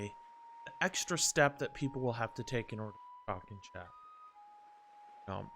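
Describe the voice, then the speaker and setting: A man's voice: mid-range voice, a bit bright. Male streamer, casual live chat, rambling and self-interrupting, faint guitar music underneath. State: a bit out of breath.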